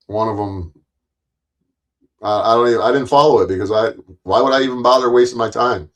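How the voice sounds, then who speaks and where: Hosting a livestream, a man rants with anger and sarcasm, swearing constantly and repeating his points to hammer them home. His voice is medium-pitched and his pace brisk.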